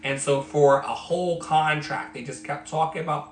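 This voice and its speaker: A man's voice: a little high, steady tone, normal speed, few pauses. A man giving an emphatic motivational talk as a life coach, repeating his phrases like a preacher. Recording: echoey room with faint music.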